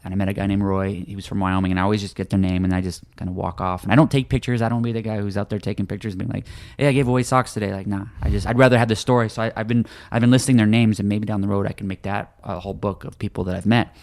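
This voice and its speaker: A man being interviewed as a guest author on a podcast, chatting casually and quickly, often repeating words as he starts sentences. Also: fairly low pitch, little pitch movement, darkish tone. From United States.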